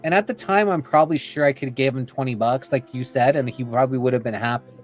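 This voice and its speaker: A man's voice: mid-range voice, quick pace, soft background music. A man on a podcast telling a long personal story in a chatty, rambling way, full of "you know" and "like," acting out what people said. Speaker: podcast guest.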